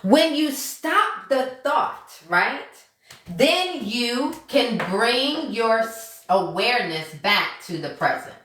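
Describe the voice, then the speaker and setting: A woman's voice: on the high side, animated, takes it slowly, a bit bright, reverberant. A woman giving a casual self-help lesson to her followers as a mindset coach. She repeats each step and checks in with "okay?" and "right?" after nearly every point. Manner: repeats key steps, acts out inner thoughts. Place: room at home.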